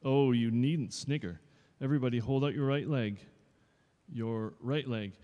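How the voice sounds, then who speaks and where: A man's voice: mid-range voice, unhurried, mellow, close to an everyday voice. A man reading aloud as a strict, bossy dancing master who barks rules at his pupils. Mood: stern. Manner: stern, commanding, barks rules. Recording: long reverb in a showroom.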